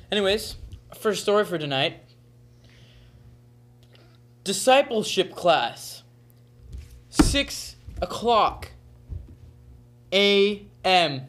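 A teenage boy hosting a church youth bulletin, reading announcements with goofy, deadpan teasing. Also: a little high. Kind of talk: jokey announcements.

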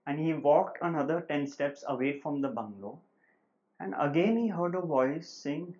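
A man giving a relaxed, conversational spiritual talk at home. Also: fairly high pitch, a little slow, pauses often, lo-fi sound. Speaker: spiritual teacher. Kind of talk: informal talk on non-duality with a joke. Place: home living room.

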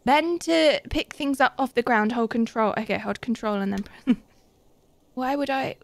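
High, giggly woman streamer. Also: unhurried, vocal fry, a little hiss or hum. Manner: excitable and giggly, squealing in delight. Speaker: Twitch streamer. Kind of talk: live game streaming, casual chat.

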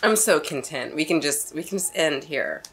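Expressive woman reacting to a cartoon. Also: low-pitched, moderate pace, very noisy. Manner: expressive, swears, laughs often. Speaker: reaction video host. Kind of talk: casual reaction commentary.

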